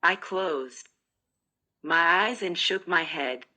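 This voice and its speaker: A woman reads a first-person audiobook in a measured, steady way. Her voice sits low but sounds bright and forceful. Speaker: narrator.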